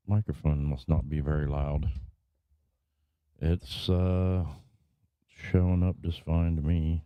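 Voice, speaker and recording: A man's voice: extremely low pitch, level tone, slow, pauses often, clear, resonant tone, no echo. A man hosting a live stream in casual chat, frustrated and cursing often as he talks. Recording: dry, tinny phone-like sound.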